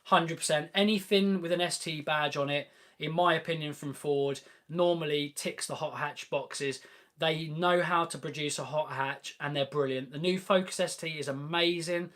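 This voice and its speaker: A man's voice: a little high, fairly even intonation, moderate pace, fairly bright tone. A young man hosting a live car Q&A, chatting casually and enthusiastically, with plenty of ums and restarts. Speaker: host of a car channel live Q&A. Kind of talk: casual live-stream Q&A chat.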